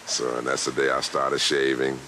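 A man being interviewed, telling a personal story slowly and with measured pauses. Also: very deep voice, completely flat delivery, noisy background.

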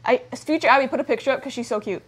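A woman's voice: high voice, very fast, slightly rough. A young woman hosting a let's-play, chatting casually, swearing freely and rambling off-topic. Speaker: host playing the game.

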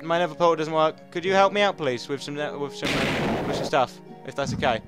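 A man doing game commentary, excitable and chatty, who bursts into panicky yelps and repeats words over and over. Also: a little high, fairly quick, faint music behind. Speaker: let's play gamer.

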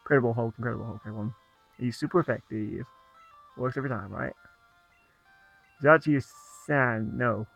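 A man's voice: medium pitch, brisk, vocal fry, pauses often, slightly rough, soft background music. Playful man commentating a game, lo-fi. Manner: playful, chatty, laughs at own jokes. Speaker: let's play gamer. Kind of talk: casual gameplay commentary. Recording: dull lo-fi sound.

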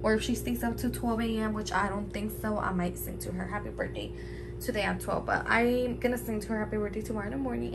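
A young woman talks through her home vlog in a chatty, openly emotional way, dropping y'all into her sentences. Her voice sits at an ordinary middle pitch, with a faint hum of background noise. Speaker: vlogger. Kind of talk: casual vlog chat.

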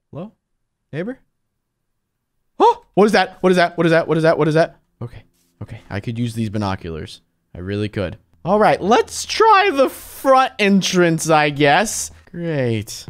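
A young man giving excitable let's-play commentary on a sneaking game, switching between hushed muttering and high panicked yelps. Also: normal speed. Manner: talks to viewers while sneaking. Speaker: gaming YouTuber.

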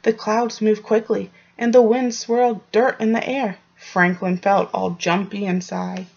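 A woman teacher reading a storybook aloud to young children, gently explaining and asking them questions, in a dull lo-fi recording. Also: medium pitch, flat delivery, a little slow, vocal fry, husky.

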